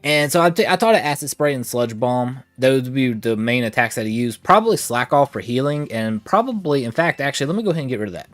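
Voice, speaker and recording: A man's voice: medium pitch, animated, fast talker, few pauses, no room sound, soft background music. A man hosting a casual gaming livestream, chatting with viewers and reading chat aloud. He sounds a little short of breath from allergies. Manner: chatty, reads chat aloud, playful asides. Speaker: gaming streamer.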